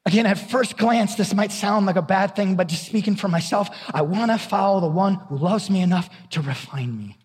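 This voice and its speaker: Husky high-voiced middle-aged pastor preaching. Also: male voice, normal speed, few pauses, big-room sound. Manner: candid and conversational, repeating words as he goes. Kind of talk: sermon.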